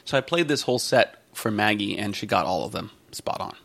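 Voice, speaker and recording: A man's voice: lowish voice, expressive, brisk, vocal fry, fairly bright tone. A man hosting a tech podcast, talking in a chatty, joking way. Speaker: podcast host. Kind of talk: casual tech podcast chat.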